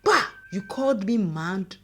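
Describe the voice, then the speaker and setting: A woman voicing a furious, grieving middle-aged mother who shouts and scolds with sharp exclamations. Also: mid-range voice, expressive, measured pace, a little hiss or hum, lightly acted.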